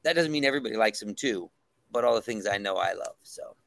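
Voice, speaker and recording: A man's voice: fairly low pitch, animated, fast, vocal fry, fairly bright tone, no room sound. A man, a comic creator, talking enthusiastically about his project as a podcast guest, with lots of ums and restarts. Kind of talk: casual podcast chat.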